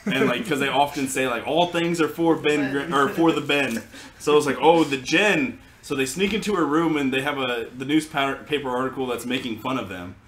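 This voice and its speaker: A man chatting casually, recapping a comic in a loose, rambling way full of fillers and quick laughs. His voice sits at an ordinary pitch and carries a noticeable room echo. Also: a bit bright, a little hiss or hum. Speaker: podcast host recapping a comic. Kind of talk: casual chat.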